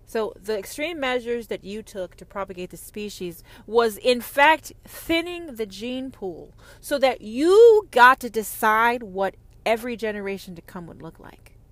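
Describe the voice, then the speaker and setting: A woman's voice: on the high side, expressive, unhurried, hardly any pauses, no room sound. Profane, confrontational woman ranting. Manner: profane, confrontational, sharp swings from loud to hushed. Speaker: podcast host. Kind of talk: ranting podcast monologue.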